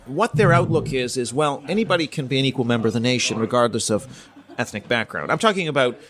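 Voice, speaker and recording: A middle-aged man from Canada speaks as a podcast guest, laying out his points patiently like an academic. His pitch sits in an ordinary middle range, and he often pauses with "um" and repeats words as he builds each thought. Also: animated, a bit bright. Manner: measured, explanatory, with frequent ums and restarts. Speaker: guest, politics professor. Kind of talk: podcast interview, academic explanation.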